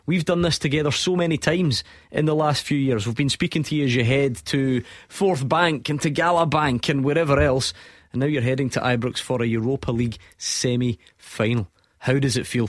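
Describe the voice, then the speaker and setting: Radio sports host, dry studio. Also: male voice, medium pitch, no room sound. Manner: inviting, conversational, urges callers. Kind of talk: radio phone-in presenting.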